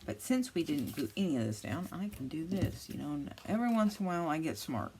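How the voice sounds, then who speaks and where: A woman's voice: deep voice, big pitch swings, fast, a little mellow, a little hiss or hum. A woman hosting a casual crafting tutorial, chatting and thinking aloud, muttering to herself as she works. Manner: chatty, mutters and scolds herself while working. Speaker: crafting channel host.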